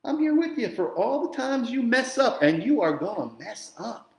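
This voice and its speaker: This pastor from New Jersey sermonizes in an extremely high, gravelly voice at a moderate pace, his sound filling a roomy space. He's animated and casual, cracking jokes and swinging from quiet passages to loud, forceful ones.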